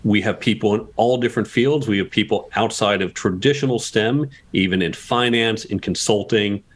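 A man's voice: on the low side, normal speed. A man guest on a podcast interview, explaining communication tips and asking rhetorical questions as he goes.

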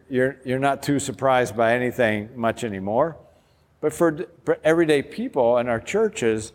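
A man, a pastor, giving an enthusiastic, informal workshop talk while demonstrating an app step by step. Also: medium pitch. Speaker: pastor presenting a discipleship app. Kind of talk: workshop presentation. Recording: long hall reverb.

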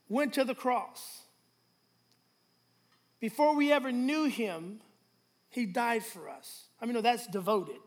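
A man preaching a sermon as pastor, drawing call-and-response from the congregation and swinging between hushed and loud slow phrases. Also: extremely high pitch.

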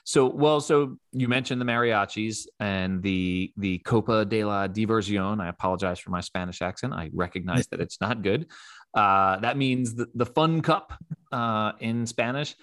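A man's voice: fairly low pitch, moderate pace, fairly bright tone, no room sound. A man hosting a casual interview, friendly and a bit self-deprecating as he sets up questions. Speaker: podcast host.

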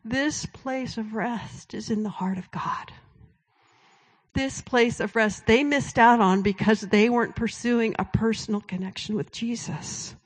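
A woman giving a sermon-style testimony, telling a story in a conversational way and dropping to a hushed whisper for quoted words. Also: fairly high pitch, unhurried. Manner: storytelling, drops to a hushed whisper when quoting God. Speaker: speaker at a Christian event.

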